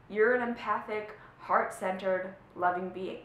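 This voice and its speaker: A woman's voice: fairly even intonation, moderate pace, creaky, hardly any pauses. Emphatic woman coach in an echoey room. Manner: emphatic, often checks in with "right?" and "okay?". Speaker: spiritual life coach. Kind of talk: motivational teaching to camera. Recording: echoey room with faint low rumble.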